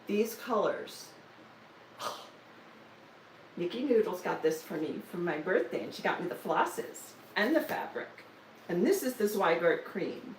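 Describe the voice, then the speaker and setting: A woman's voice: on the low side, expressive, takes it slowly, reverberant, far from the mic, slight background noise, low-quality recording. A woman, chatting casually on a live stream about her stitching projects, with joking asides and self-deprecating humor. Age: 60s. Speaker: stitching vlogger.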